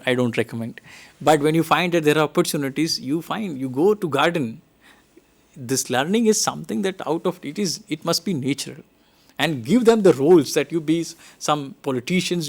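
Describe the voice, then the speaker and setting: A man with an Indian English accent giving a lecture to teachers, emphatic and animated, often ending points with a rising "right?". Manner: animated, emphatic, rising pitch on tag questions. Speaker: teacher trainer.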